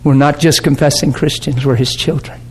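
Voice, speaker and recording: Brief: high-pitched male preacher, casual teaching tone, quick to laugh, keeps asking the room if they follow. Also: steady tone, a little mellow, husky. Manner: conversational, checks in with the class, laughs often. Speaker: pastor. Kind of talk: sermon teaching. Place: warm classroom or church hall.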